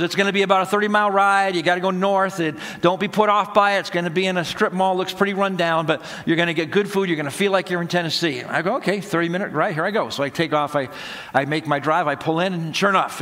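Folksy man telling a story in a church. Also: fairly high pitch. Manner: folksy, animated storyteller acting out dialogue. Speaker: pastor. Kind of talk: sermon storytelling. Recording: long hall reverb.

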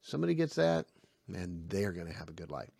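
A man teaching a Bible lesson for parents, with a gravelly voice that swings widely up and down as he acts out little scenes. The recording is dry and close. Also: low voice, brisk, dry recording. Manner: animated, acts out dialogue in his stories.

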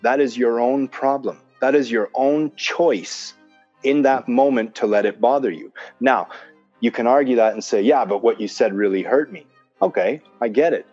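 A man's voice: medium pitch, a little mellow. A man in casual conversation, making his points with emphasis, repeating them and explaining with examples. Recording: dull lo-fi sound with faint music.

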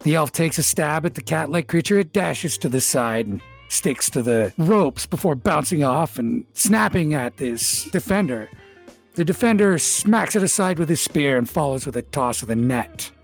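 A man's voice: fairly high pitch, expressive, normal speed, vocal fry, faint music behind. A man hosting a tabletop game as dungeon master, narrating scenes vividly and speaking to the players as "you".

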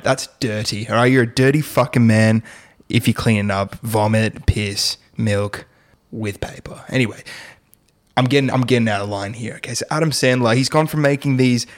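A man rants through a laid-back podcast chat. He swears freely, mocks with quick impressions and jumps between tangents in a mid-range voice. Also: mid-range voice, fairly even intonation. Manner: swearing, ranting, mocking impressions. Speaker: podcast co-host. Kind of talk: casual banter.

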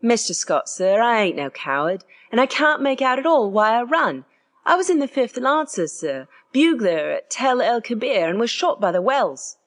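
A woman's voice: very animated, moderate pace. A woman reading aloud and voicing a young Cockney bellboy who peppers his speech with "sir". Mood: earnest. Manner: dropped grammar, constant "sir", higher pitch.

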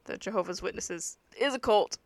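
A young woman telling a story in a casual podcast chat, with many fillers and lively asides. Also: medium pitch, normal speed, no room sound. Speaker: podcast co-host. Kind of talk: casual true-crime chat, reading aloud.

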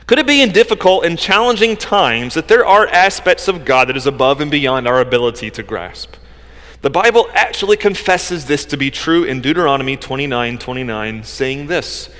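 A man preaching a sermon as pastor, conversational, swinging between emphatic lines and hushed asides. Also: a little high, expressive, normal speed, big-room sound. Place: church sanctuary.

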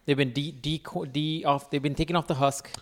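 A man's voice: fairly high pitch, level tone, fairly quick. A man trading crude, teasing jokes in casual podcast chat.

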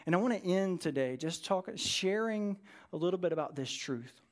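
A male pastor gives a relaxed, conversational sermon to his congregation. His voice sits high for a man. He drifts into personal stories, filling them with casual asides and restarts. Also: moderate pace. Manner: casual, storytelling, many fillers. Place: church service with a live congregation.

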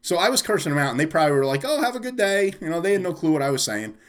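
A man's voice: fairly high pitch, expressive, rapid-fire. Profane, ranting man telling a story. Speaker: storyteller in a casual chat. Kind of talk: casual chat.

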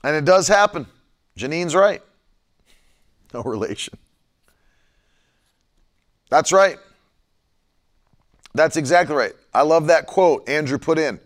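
Preacher guy with a pretty high voice, sermon on a broadcast, says things twice to drive them home. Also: animated, slow, pauses often. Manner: repeats lines for emphasis, stretches key words. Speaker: preacher hosting a live broadcast.

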